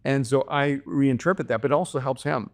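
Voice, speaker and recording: A man who is a guest on a podcast, telling family stories in an animated way and laughing often. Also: mid-range voice, a little fast. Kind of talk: conversational storytelling.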